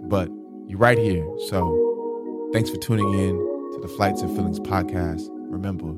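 A male podcast host talking in a relaxed, easygoing way and addressing his listeners directly. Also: low voice, measured pace, over loud music. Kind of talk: casual podcast chat.

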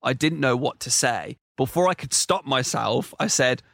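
Young man, podcast co-host, gravelly voice, casual self-deprecating chat, dry close mic. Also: medium pitch, animated, normal speed, fairly bright tone, no echo. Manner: self-deprecating, jokey, laughs at his own stories.

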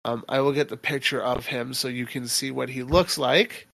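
A man's voice: medium pitch, fairly even intonation, normal speed, vocal fry, a bit bright, dry recording. A man narrating as game master of a tabletop game, describing scenes in a rambling way with fillers.

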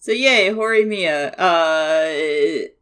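A woman's voice: deep voice, drawn-out words, a bit bright, smooth. A young woman co-hosting a podcast, chatting casually and thinking aloud with many fillers. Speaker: podcast co-host. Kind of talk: casual chat.

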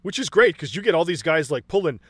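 A man talks through a movie in a casual chat, excited and profane, acting out lines as he goes. His voice sits a touch high. The sound is dry and close. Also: fast, breathy edge, no room sound. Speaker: podcast co-host.

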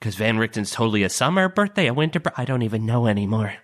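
A man's voice: on the low side, sing-song, quick pace. A man voicing an eager young nobleman in a put-on accent, chatting about planning a surprise.

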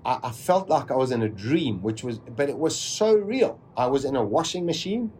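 A man vividly recounting a personal survival story, with dramatic pauses. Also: mid-range voice, very animated, a little mellow, a little hiss or hum.

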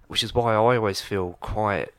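A man's voice: on the low side, steady tone, moderate pace, clear, resonant tone, no echo. A man hosting a podcast, earnestly agreeing with his guest and building on his points. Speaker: podcast host. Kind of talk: conversational interview.

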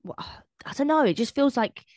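A woman co-hosting a podcast in casual chat, animated, swearing freely and acting out what people say. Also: high-pitched, moderate pace, no room sound. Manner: animated, swears, acts out quoted speech. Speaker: podcast co-host.

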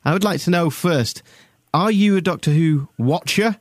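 A man's voice: a little high, moderate pace, dry recording, clean studio sound. A man hosting a podcast, chatting casually and teasing his guest. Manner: teasing, provocative. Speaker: host.

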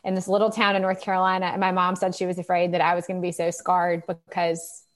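A woman novelist from the American South who tells stories in an animated, chatty way, often filling her sentences with "like". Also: lowish voice, fast talker. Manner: animated storytelling, chatty, many "like"s. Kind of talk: casual conversation about writing.

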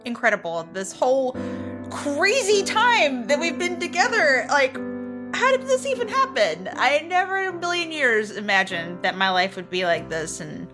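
A woman's voice: high-pitched, very animated, over music. A woman speaking as an earnest young leader saying farewell. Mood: tender, heartfelt. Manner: earnest, halting, tearful pauses. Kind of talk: in-character speech in a tabletop game.

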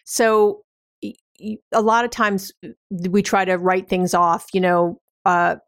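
A woman's voice: medium pitch, level tone, slow pace, no room sound, studio quality. A woman hosting an advice podcast, explaining in a casual, conversational way with everyday examples and frequent fillers. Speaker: podcast host.

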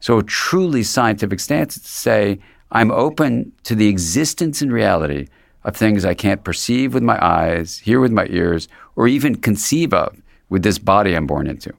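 In a clean, studio-quality recording with no room sound, a psychiatrist guest reflects aloud in a conversational interview. His lowish voice is expressive and fry-tinged, moving at a normal pace as he wanders through thoughts with frequent restarts.

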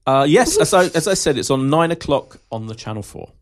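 A man co-hosting a podcast, bantering quickly in a playfully self-important way. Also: a little high. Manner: fast, lively, mock-pompous banter. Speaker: podcast co-host. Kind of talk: casual chat.

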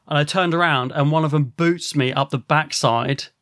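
A man's voice: a little high, moderate pace, dry recording, studio quality. Sweary man telling a story. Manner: swears a lot, animated and rambling. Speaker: podcast host. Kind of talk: casual storytelling.

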